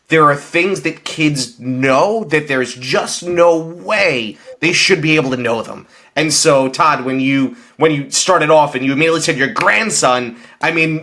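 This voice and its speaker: A man's voice: on the high side, bright, forceful tone. A man co-hosting a podcast, talking in an enthusiastic, conversational way. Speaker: podcast co-host. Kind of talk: casual chat.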